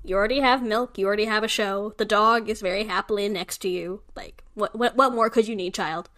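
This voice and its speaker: A woman co-hosting a casual podcast, animated and emphatic as she talks about her kids, with a swear word here and there. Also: mid-range voice, fairly quick. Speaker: podcast co-host. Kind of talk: casual chat.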